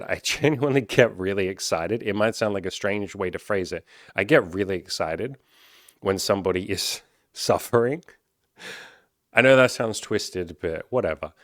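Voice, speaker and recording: Low-voiced man talking candidly, dry sound. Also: no room sound. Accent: Australian. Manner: candid, animated, swears freely, acts out quoted voices. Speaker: life coach and content creator. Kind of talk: casual talking-head monologue.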